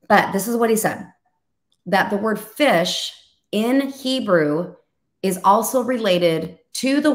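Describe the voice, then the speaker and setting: A woman in her thirties or forties who preaches over a video call. Her delivery is animated and full of stories, and she acts out the voices of the people she quotes. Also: mid-range voice. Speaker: ministry leader and co-host.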